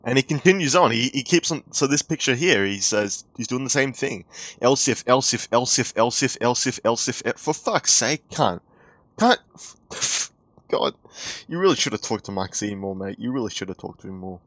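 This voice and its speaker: A man's voice: medium pitch, lively intonation, normal speed, fairly bright tone, dry recording. A young man giving a heated, profane commentary rant with exasperated outbursts. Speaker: YouTube commentator.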